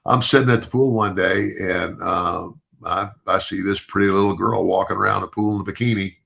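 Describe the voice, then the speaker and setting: A man's voice: sits low, fairly even intonation, a little fast, vocal fry, fairly bright tone. An older man, a podcast guest, telling a long story casually, restarting phrases and chuckling as he goes. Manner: rambling with many restarts and repeated words; chuckles through his own story.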